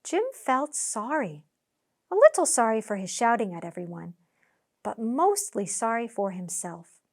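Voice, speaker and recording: Slow, lively woman reading a children's story. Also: on the high side. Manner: slow, animated, expressive. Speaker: teacher. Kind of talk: children's story read-aloud.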